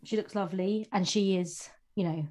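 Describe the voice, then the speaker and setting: A woman's voice: medium pitch, steady tone, moderate pace, dark tone. A woman co-hosting a podcast, talking casually about a novel with many restarts. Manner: hesitant, lots of restarts. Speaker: book podcast co-host. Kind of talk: casual book discussion.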